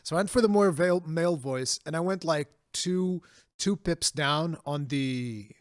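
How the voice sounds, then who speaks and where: A man's voice: fairly high pitch, a little slow, no room sound, clean studio sound. Upbeat man in casual gaming chat. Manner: animated storyteller, laughs often. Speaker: podcast host.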